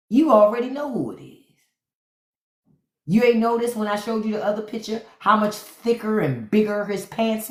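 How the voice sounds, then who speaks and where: A woman hosting a live stream, giving casual, sassy commentary straight to her viewers. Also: mid-range voice. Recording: echoey room.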